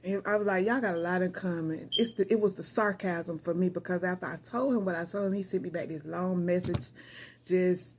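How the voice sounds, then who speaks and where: A loud, talkative woman recording an unedited personal reflection, rambling between laughter and tears with a sassy, direct edge. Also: fairly low pitch, fairly quick, slight background noise. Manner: emotional, laughing through tears. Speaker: vlogger reflecting on grief.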